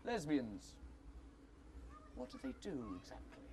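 A male comedian with a London accent delivering a deadpan mock sermon with a gruff, blokey put-on voice. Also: mid-range voice, takes it slowly, background noise. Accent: London English.

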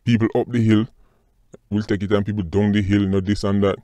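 A Jamaican man hosting a casual commentary vlog, animated and mocking, often calling out to his audience. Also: on the low side, fairly quick, no room sound. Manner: animated, mocking, repeats "people" and "right". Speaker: commentary channel host.

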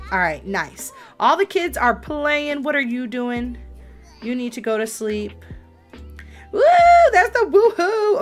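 A woman's voice: a little high, fairly bright tone. A young woman streaming a life-sim game, chatting casually to her viewers with lots of giggles and exclamations. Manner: bubbly, giggly, talks to chat. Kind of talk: casual gameplay commentary.

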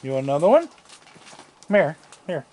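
With big pitch swings, a darkish tone and a fairly high pitch, the man talks slowly and gravelly to his raccoons. He feeds them and films the yard handheld from his deck outdoors, chatting to them casually and fondly.

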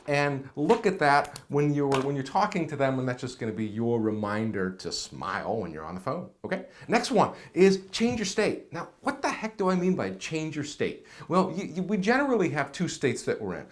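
A middle-aged man giving an enthusiastic, animated video lesson as a career coach, speaking straight to the camera. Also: fairly high pitch. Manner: energetic, animated, direct to camera. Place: indoors, seated on camera.

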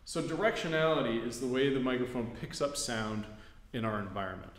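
A man teaching audio engineering, explaining microphone patterns in a steady, clear way while he walks around the mic in a large recording studio. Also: mid-range voice, fairly quick. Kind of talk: studio demonstration lesson. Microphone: studio condenser mic at varying distance. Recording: roomy studio reverb, voice moving off-mic.

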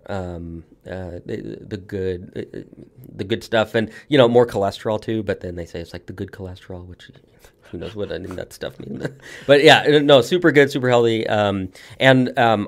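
A man's voice: lowish voice, moderate pace, gravelly. A man with an American accent, a farmer guest talking casually on a podcast, rambling with many restarts and fillers.

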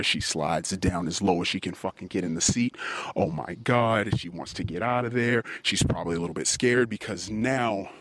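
A man's voice: lowish voice, no echo. A man hosting a podcast, telling a heated story in a profane, confessional monologue. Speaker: podcast host.

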